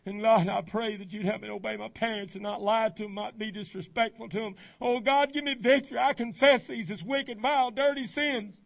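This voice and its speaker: A man acting out a remorseful teenage boy, praying aloud at the altar in a loud, pleading, fervent way. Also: very high voice, animated, normal speed, creaky, pauses often, breathy edge, voice pushed up, exaggerated voice.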